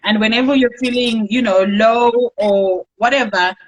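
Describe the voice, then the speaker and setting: A woman's voice: a little high, fairly even intonation, normal speed, low-quality recording. A woman with a Zimbabwean English accent, hosting a casual interview and speaking in an encouraging, emphatic way. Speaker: interviewer, host. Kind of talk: casual chat.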